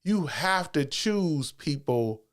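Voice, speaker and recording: A man's voice: a little high, sing-song, slow pace. Preachy man building to fired-up rhetoric. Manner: preachy, repetitive, building emphasis with stammered restarts. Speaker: channel host. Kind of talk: motivational monologue to camera.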